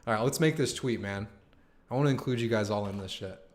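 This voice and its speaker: A young man hosting a live stream, chatting casually with his viewers, excited and slangy, swearing and saying "man" and "dude" a lot. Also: fairly low pitch, quick pace. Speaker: livestream host.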